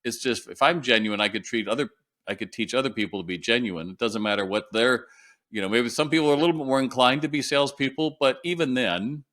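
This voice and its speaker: A man's voice: mid-range voice, fast talker, fairly bright tone. A man being interviewed as a retail consultant, telling stories and acting out quoted dialogue. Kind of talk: storytelling in an interview.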